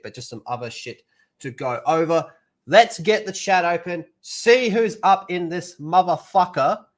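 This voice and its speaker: A man hosts a live stream, reading out the chat and greeting viewers one by one. He jokes crudely and breaks into loud bursts. His voice sits a little high and sounds bright and forceful. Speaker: livestream host.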